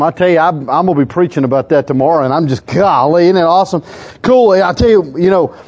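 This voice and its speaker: A man, preaching to a live crowd in a humorous, excitable storytelling way with sudden loud outbursts. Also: high-pitched.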